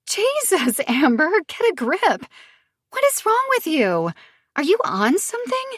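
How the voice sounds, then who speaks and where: A woman's voice: sits high, animated, normal speed, no echo, clean studio sound, voice pushed up. Woman voicing a sneering, spiteful young woman. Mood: mocking. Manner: mocking, cutting, scornful. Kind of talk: audiobook character voice.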